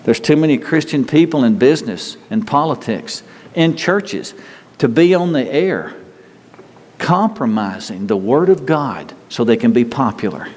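A man's voice: medium pitch, animated, measured pace, darkish tone, big-room sound. A man pastor preaching a sermon in an earnest, conversational way, often repeating and restarting his words.

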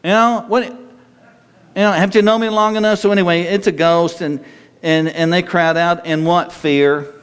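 A man's voice: fairly high pitch, moderate pace, smooth. Man preaching in a reverberant hall. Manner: animated storytelling, jumping between loud and quiet. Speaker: pastor. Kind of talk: sermon.

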